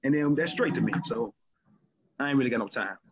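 A man in casual chat as a podcast co-host, talking candidly and profanely with animated storytelling. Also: mid-range voice, a little fast, breathy edge. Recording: lo-fi muffled recording.

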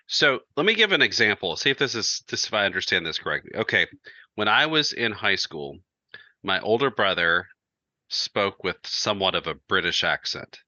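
A man's voice: on the low side, very animated, normal speed, pushed and bright, no echo, highs cut off. A man co-hosting a podcast, telling a story in casual chat and laughing through his words. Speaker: podcast co-host.

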